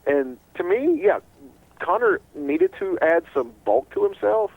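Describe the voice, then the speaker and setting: Speaking at a measured pace in a high, creaky voice, a sports radio host keeps things casual and animated. He rambles and often starts over, and the recording quality is rough.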